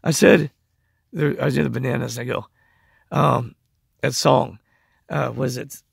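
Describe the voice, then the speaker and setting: A man with a hoarse voice, rambling in a casual monologue and acting out the conversations he reports. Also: medium pitch, unhurried, no room sound, studio quality. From United States. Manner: rambling, acts out quoted conversations. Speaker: vlogger.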